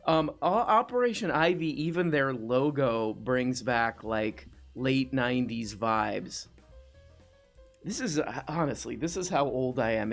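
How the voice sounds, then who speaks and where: A man in his thirties hosting a live call-in show, chatting casually, rambling with restarts and reading chat comments aloud. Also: medium pitch.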